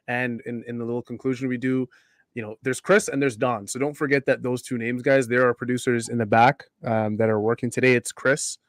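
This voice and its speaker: A chatty man hosting a sports talk stream, reading out comments and laughing between points. His voice sits at a mid pitch and sounds dry and close, with no room around it. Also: no echo. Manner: chatty, reads viewer comments, laughs often. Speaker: podcast host. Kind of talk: casual sports talk show.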